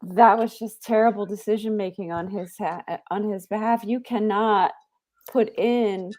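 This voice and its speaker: A woman's voice: mid-range voice, fairly even intonation, normal speed, darkish tone. A woman co-hosting a casual sports podcast, exasperated and emphatic, repeating her points. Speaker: podcast co-host.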